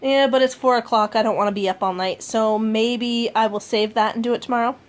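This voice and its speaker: A woman rambling casually through a home food diary vlog, often pausing with fillers and correcting herself. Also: on the high side, steady tone, a little hiss or hum. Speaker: vlogger.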